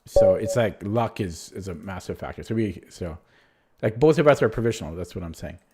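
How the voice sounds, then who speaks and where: This chess streamer has a husky, darkish, fairly low voice, brisk and lively in intonation. Commentating live online play, he thinks out loud, mutters moves half to himself, and drifts into casual, self-mocking tangents.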